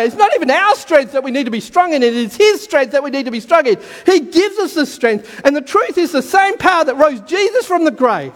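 A man preaching a sermon with fervour, repeating key lines and building to shouts, his voice going hoarse. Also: very high voice, in a large hall.

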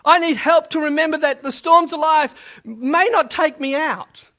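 A man's voice: very high-pitched, measured pace, sharp tone. A man preaching a sermon, praying and then telling a story, repeating key words for emphasis. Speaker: pastor. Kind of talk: sermon with opening prayer.

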